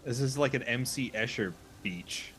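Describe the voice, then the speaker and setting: A man's voice: medium pitch, normal speed, fairly bright tone. A man talking casually as a player in a tabletop game, with an easy, joking manner. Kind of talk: casual chat while playing a tabletop game.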